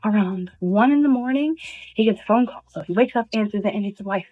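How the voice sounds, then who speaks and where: A woman's voice: medium pitch, brisk. A woman casually telling a story to viewers, chatty and full of fillers. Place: small town. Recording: tinny phone-like audio, dry.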